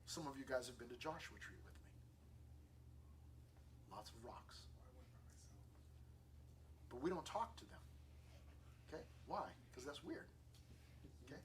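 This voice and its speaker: A man teaching a Bible lesson to a youth group in a casual, lively way, acting out the dialogue as he tells the story. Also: medium pitch, unhurried, pauses often, slight background noise. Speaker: youth pastor. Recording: distant mic with faint room ambience.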